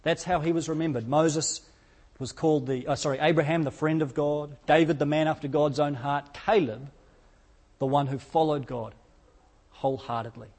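A man preaching a sermon, conversational, full of rhetorical questions and quick self-corrections. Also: a little high, fairly even intonation, darkish tone. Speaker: pastor.

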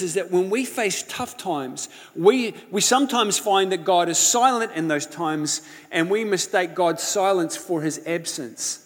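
Pastor, male, fairly high voice, impassioned storyteller; long hall reverb on the voice. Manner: impassioned storytelling, swings from loud to hushed. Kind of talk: sermon.

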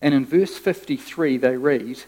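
A man preaching a sermon as pastor, animated and conversational, often restarting his phrases. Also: medium pitch, a little slow, in a large hall.

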